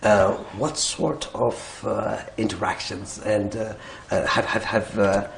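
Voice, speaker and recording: A man's voice: fairly low pitch, steady tone, slow pace, gravelly, a little hiss or hum. A man interviewing a guest, asking questions hesitantly with many fillers and repeated words.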